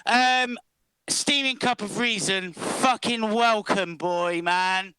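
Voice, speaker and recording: A man's voice: sits high, slow pace, noisy background. A man on a casual online panel, blunt and crude, swearing freely with many ums.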